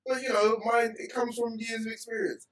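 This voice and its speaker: A man's voice: very high voice, level tone, fairly quick, fairly bright tone. A man co-hosting a casual group podcast, playful and ribbing his friends. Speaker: podcast co-host. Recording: roomy, mic at a distance.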